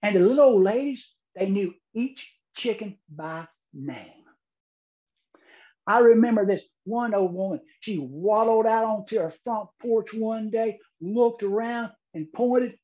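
Slow, mellow humorous speechmaker man. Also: sits high, highs cut off. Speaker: keynote speaker.

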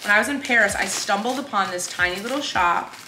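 A young lifestyle influencer chats casually while unboxing for her vlog, gushing and gasping though a little tired. Her medium-pitched voice moves briskly over background noise, in a roomy space with loud music playing behind.

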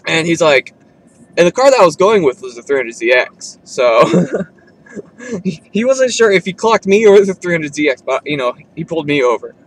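This man in his 20s is a vlogger recording himself on a camera or phone while driving, spinning a loose, casual story full of filler. His voice is on the high side and sing-song, at a moderate pace, with a laid-back, meandering delivery. The audio is poor, with loud road and engine noise filling the moving car.

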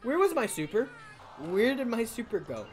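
A woman's voice: on the high side, very animated, moderate pace, a little mellow, soft background music. A young woman hosting a gaming channel, giving playful, jokey, self-mocking commentary over her gameplay.

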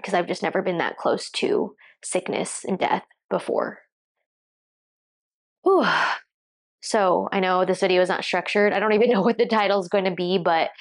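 A woman fitness coach, tearful, speaking reflectively to the camera with halting restarts. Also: on the low side. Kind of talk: emotional talk to camera. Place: seated at home.

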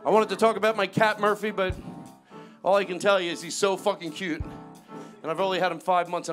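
A man performing a live stand-up comedy set, loud and animated, chatting with the audience and the band. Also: sits high. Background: band music and audience laughter.

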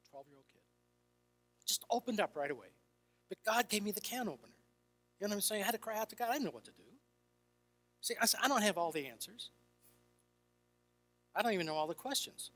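An older man who works as a Christian counselor performs stories for an audience, voicing the dialogue in different characters. His high-pitched voice swings widely, moving at a quick pace with frequent pauses, pushed and bright. Faint music plays in a reverberant hall.

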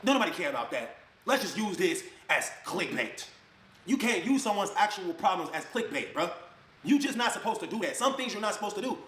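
A man with a high voice tears into his critics at a rapid clip. He sounds angry and mocks the people he quotes, and his voice rings around an echoey room. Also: big pitch swings, fairly bright tone. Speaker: influencer addressing critics. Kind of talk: heated ranting video clip.

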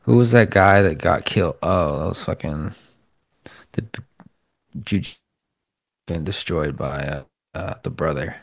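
Deep gravelly guy, swearing bluntly. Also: unhurried, pauses often, dry recording, clean studio sound. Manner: swears a lot, blunt and rambling. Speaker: podcast co-host. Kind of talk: casual chat.

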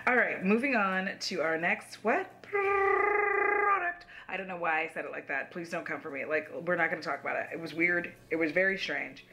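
A woman's voice: lowish voice, bright, forceful tone. A young woman giving blunt, sassy makeup commentary from home, swearing casually. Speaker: beauty YouTuber.

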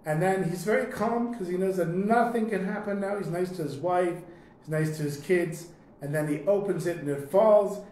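A man teaches by telling a story, talking loosely and conversationally and clearing his throat along the way. His voice sits a little high for a man. The room is roomy and echoey, with a faint background hiss. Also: normal speed, a little mellow. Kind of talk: storytelling in a lesson.

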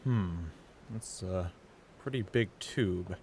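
A man streaming a horror game, thinking aloud and breaking into high yells at scares. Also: takes it slowly, a little hiss or hum. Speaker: gaming streamer. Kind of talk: live gameplay commentary.

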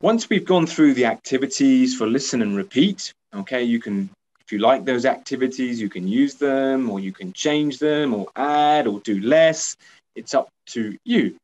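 A man leading a teacher training workshop who speaks patiently, repeats himself and keeps checking in with "okay?". He also acts out lively praise the way a teacher would give it to pupils. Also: mid-range voice, moderate pace, muffled recording.

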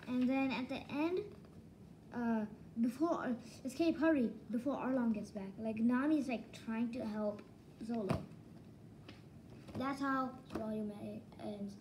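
A woman casually reviewing manga volumes, rambling and excitable, leaning on "like" as filler. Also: a little high, a little slow, long pauses, slight background noise, poor audio. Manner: rambling, excitable, heavy use of "like".

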